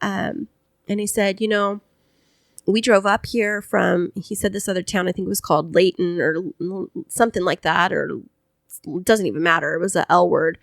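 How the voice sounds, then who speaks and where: A woman's voice: fairly low pitch, normal speed, gravelly, dry recording. Chatty woman telling a story, dry sound. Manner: animated storyteller acting out quoted voices. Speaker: podcast co-host. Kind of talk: casual storytelling chat.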